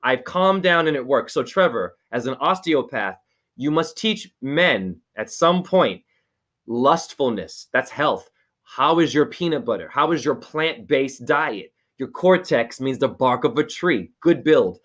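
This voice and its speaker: A man giving a spiritual reading over a video call, preachy and rambling, with sudden high exclamations. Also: animated, unhurried, a bit bright. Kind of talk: excited casual video-call chat.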